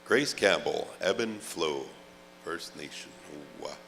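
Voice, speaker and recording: A man announcing at a live gathering, unhurried and slightly low-pitched. His words ring out with a long loudspeaker echo, and a faint hum sits underneath. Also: lively intonation, creaky. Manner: slow, drawn-out calls with frequent "oh, uh" fillers and joking asides. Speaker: pow wow emcee. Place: large outdoor event grounds.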